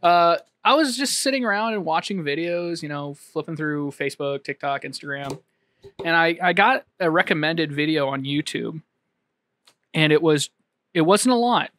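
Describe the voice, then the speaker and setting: A man co-hosting a podcast, talking casually at a studio microphone with halting restarts and lots of ums. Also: a little high, expressive, fairly bright tone. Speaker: podcast co-host. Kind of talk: casual chat.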